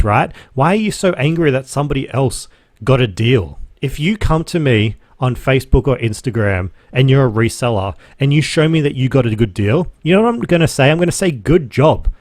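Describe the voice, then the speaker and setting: A young Australian man rants into the mic in a casual, sarcastic way, with swearing sprinkled through his story. His voice sits at an ordinary middle pitch, and the recording is dry and close, with no room sound. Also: brisk, dry recording. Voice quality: animated, swears freely, sarcastic. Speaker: podcast host, reseller. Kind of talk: casual ranting monologue.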